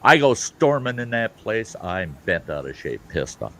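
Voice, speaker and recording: A man spins a story for friends on an online call, his voice rising and falling over a wide range. He swears freely and works himself up until he is nearly shouting. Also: fairly low pitch, unhurried. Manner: animated, profane, grows loud and heated. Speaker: host of an online hangout. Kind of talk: casual storytelling.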